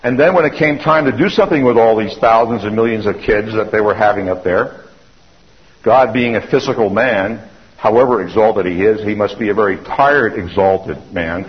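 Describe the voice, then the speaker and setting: A man's voice: lowish voice, moderate pace. A man giving an anecdotal lecture in a loose, conversational storytelling manner, often restarting his sentences. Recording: dull lo-fi recording.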